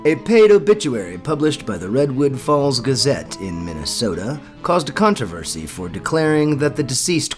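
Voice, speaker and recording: A man's voice: medium pitch, big pitch swings, moderate pace, hardly any pauses, over music. Straight-faced man news anchor. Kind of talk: satirical news delivery.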